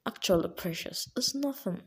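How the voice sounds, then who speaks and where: A woman's voice: medium pitch, animated, moderate pace, breathy edge. A woman playing a firm, encouraging friend. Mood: coaxing. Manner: earnest, coaxing pep talk.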